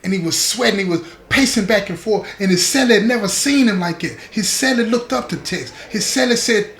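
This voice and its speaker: A man's voice: lively intonation, fairly quick, roomy sound. A man telling a story to his viewers in a streetwise, earnest way, speaking to them directly as "y'all" from inside prison. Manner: drops softer and lower as the story turns grave. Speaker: storyteller host.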